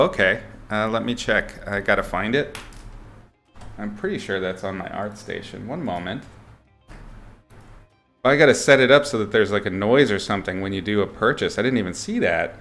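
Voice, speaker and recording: A man's voice: lowish voice, lively intonation, normal speed, a bit bright, soft background music. A man illustrator chatting casually with viewers as he sketches on a live stream, greeting people and thinking aloud.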